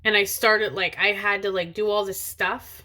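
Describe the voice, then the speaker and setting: This is a casual vlog from a car's driver's seat, where a thirty-something mother of two talks to the camera. Her mid-range voice is steady, bright and forceful, at a normal speed, and she rambles with lots of fillers and restarts.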